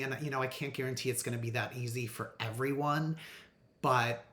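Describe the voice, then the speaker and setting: Man, casual vlog, earnest storytelling, middle pitch, echoey room. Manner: animated, earnest storytelling with fillers. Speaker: vlogger. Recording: roomy echo.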